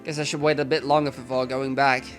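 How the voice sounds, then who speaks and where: A young man with a northern English accent reading a visual novel aloud, animated and self-mocking. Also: mid-range voice, fast talker, faint music behind. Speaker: let's player.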